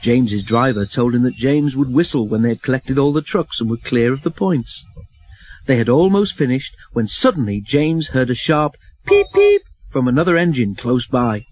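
A man narrating a children's storybook in an expressive, even reading. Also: medium pitch, moderate pace, slightly rough, low-quality recording.

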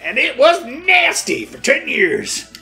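A man's voice: very high voice, wildly swooping pitch, takes it slowly, vocal fry, bright, forceful tone, faint music behind, voice pushed up, full character voice. A man putting on a pirate voice to read an old male turtle father's lines in a video game. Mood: storytelling. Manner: growly pirate drawl.

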